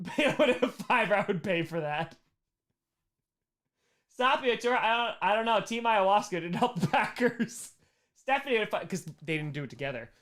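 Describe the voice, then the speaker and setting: A man's voice: high-pitched, animated, moderate pace, a bit bright. A man hosting a livestream, casually reading viewer messages aloud, joking and laughing often. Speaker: livestream host.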